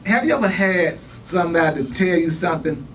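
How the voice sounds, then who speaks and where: A man preaching a sermon in church, talking fast and repeating phrases for emphasis. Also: sits high, animated, a bit bright, far from the mic, a little hiss or hum, poor audio. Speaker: pastor.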